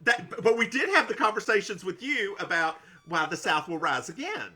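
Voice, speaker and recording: Southern-raised man, podcast co-host, snarky and giggly, lively pitch swings. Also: normal speed, husky. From American South. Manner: snarky, laughs often, stumbling restarts. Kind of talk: casual recap chat.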